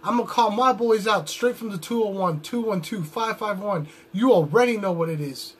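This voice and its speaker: High-voiced, cocky wrestler trash-talking. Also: male voice, normal speed, breathy edge. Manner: boastful, trash-talking swagger. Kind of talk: wrestling promo.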